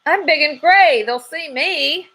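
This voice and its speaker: A woman's voice: fairly low pitch, very animated, moderate pace, slight background noise. A woman reading aloud and voicing a jittery young male squirrel who cries out in panic. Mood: panicked.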